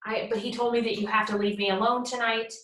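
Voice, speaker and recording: A woman's voice: a little high, little pitch movement, quick pace, a bit bright, roomy sound, poor audio. A woman giving a casual lecture, retelling a play's scenes in plain words and acting out the quoted lines. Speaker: teacher. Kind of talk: casual plot summary lecture.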